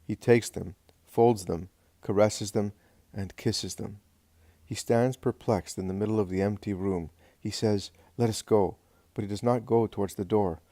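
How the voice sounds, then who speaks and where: A male narrator reads a devotional text in a measured, solemn manner. His voice sits low. The recording is close and dry, with no room sound. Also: fairly even intonation, warm tone, no room sound.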